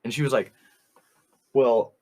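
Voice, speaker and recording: A young man co-hosting a podcast rambles through an anecdote in casual chat, laughing often and quoting others with "I was like." His voice is low-pitched, husky, and a little fast.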